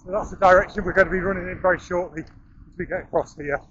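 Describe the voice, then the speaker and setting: A man's voice: high-pitched, fairly even intonation, very fast, background noise. Middle-aged bloke jogging and talking to his cam, bit out of breath, dry jokes, muffled lo-fi sound. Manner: dry self-deprecating humour, filler-heavy. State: slightly out of breath. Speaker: running vlogger. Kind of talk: running commentary while jogging. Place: outdoors, running through town and over a bridge. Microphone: action camera carried while running.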